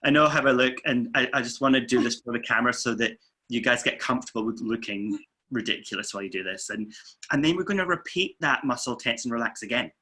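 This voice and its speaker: A man, a weight-loss coach, calmly guiding listeners through muscle tensing and breathing exercises. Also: medium pitch, fast talker, husky. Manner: calm, steady counting and coaching. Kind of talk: guided relaxation instructions. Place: indoors, filming himself.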